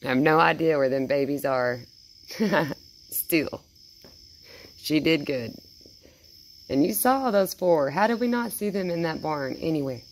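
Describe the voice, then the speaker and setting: Woman, low voice, soft cooing baby-talk, outdoors at night, faint crickets behind. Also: a little slow, long pauses, a little hiss or hum. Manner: coos softly and praises, baby-talk tone. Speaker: vlogger. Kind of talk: casual talk to a wild animal.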